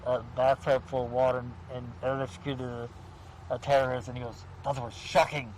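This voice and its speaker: A man's voice: medium pitch, monotone, fairly quick, darkish tone, a little hiss or hum, rough recording. A man hosting a late-night horror show, chatting and telling jokes outdoors at a cemetery, laughing at his own punchlines. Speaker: show host. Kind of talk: casual chat.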